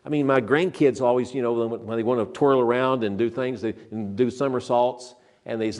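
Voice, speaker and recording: An older man preaching a sermon, earnest and emphatic, who slows down to stress scripture and often repeats and restarts his phrases. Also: mid-range voice, a little mellow.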